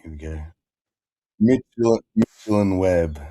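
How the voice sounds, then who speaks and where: Deep slow-talking man in crude chat. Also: dark tone, no echo, studio quality. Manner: crude, rambling, laid-back. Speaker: stream host. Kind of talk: casual chat.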